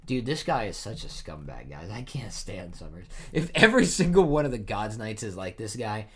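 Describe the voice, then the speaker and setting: A man's voice: fairly low pitch, sing-song, normal speed, a bit bright. A man hosting a casual live comic reaction, reading and chatting with many fillers. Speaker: manga reaction host.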